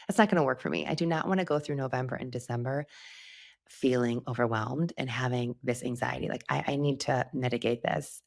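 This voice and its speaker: A middle-aged woman with a gravelly bass voice hosts a solo podcast. She talks candidly and chattily, laughing often along the way.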